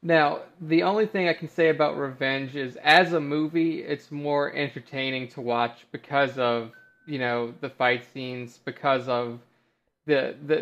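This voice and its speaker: A man's voice: medium pitch, fairly bright tone. Man, casual chat, rambling, lots of fillers, dull lo-fi recording. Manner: rambling, filler-heavy talk.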